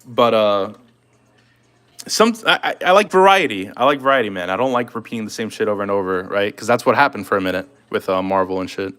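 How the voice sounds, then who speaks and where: A man talking loosely on a live stream. He keeps up a rambling, chatty flow as he reacts to viewer comments. His voice sits at an ordinary middle pitch. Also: a little fast, fairly bright tone. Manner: loose and chatty, talking to chat while drawing. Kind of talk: casual live stream chat.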